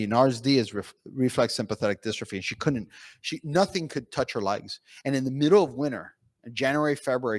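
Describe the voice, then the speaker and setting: A pain physician addressing a conference relates patient stories with animation, restarting often and using plenty of fillers. He has a mid-range voice, and the conference room audio carries no echo.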